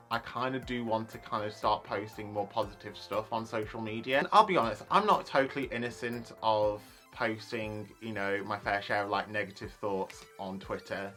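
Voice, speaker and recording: A man's voice: fairly low pitch, moderate pace, pushed and bright, faint music behind. A young man, ranting casually in a vlog, chatty and full of likes and you knows. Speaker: YouTuber.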